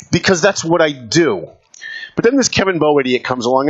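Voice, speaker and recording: A man's voice: on the high side, highs cut off. A man hosting a radio talk show, delivering an emphatic, combative opinion monologue.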